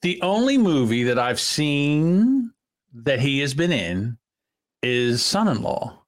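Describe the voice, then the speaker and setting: Male podcast co-host, animated pitch, crude and mocking, rants easily. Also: slow pace. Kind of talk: casual comedic banter.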